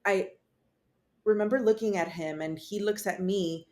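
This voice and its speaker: A woman's voice: mid-range voice, unhurried, darkish tone. Candid woman telling a raw story. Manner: raw, profane, rambling. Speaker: podcast guest.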